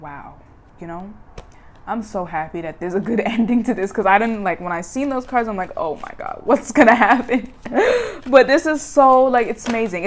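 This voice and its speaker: Excitable young woman reading tarot. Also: mid-range voice. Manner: excitable, emphatic, repeats herself. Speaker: tarot reader.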